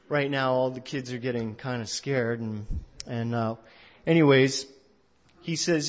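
A male pastor giving a sermon, telling a story in a conversational way that swings between loud and hushed. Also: mid-range voice, steady tone, measured pace. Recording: dull lo-fi recording.

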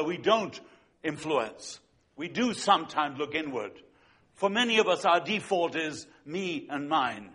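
A man preaching a sermon as a pastor, telling stories with swings between loud and hushed delivery. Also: fairly high pitch, slightly rough. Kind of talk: sermon with storytelling.

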